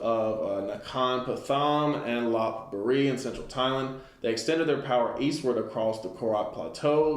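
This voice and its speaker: A man giving an informal Bible study lesson, reading a text aloud and commenting loosely with many fillers. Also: mid-range voice. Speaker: Bible teacher. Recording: echoey room.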